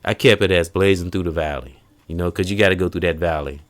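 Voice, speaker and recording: A man hosting a casual podcast, telling stories in an animated way and acting out quotes. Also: low-pitched, fast. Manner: animated storytelling, acts out quotes. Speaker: podcast host.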